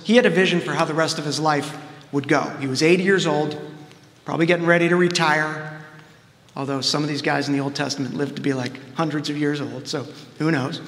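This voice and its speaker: A man's voice: on the high side, fairly bright tone. A man preaching with a slightly raised voice, his easy, conversational delivery spreading through a church. The room is roomy, and a long reverb trails after each phrase. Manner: conversational, plain-spoken preaching with casual asides. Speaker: seminarian preaching. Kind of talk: sermon. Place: church sanctuary.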